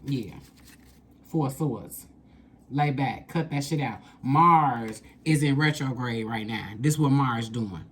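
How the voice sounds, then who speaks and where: A woman's voice: extremely low pitch, slow pace, slight background noise. A woman doing a casual tarot reading, blunt and profane, repeating lines for emphasis. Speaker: tarot reader.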